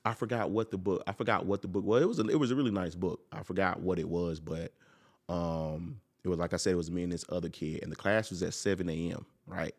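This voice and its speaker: A young man, a podcast guest, telling a personal story in a casual, animated way and acting out the people in it. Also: deep voice, quick pace. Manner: animated, acts out quoted people.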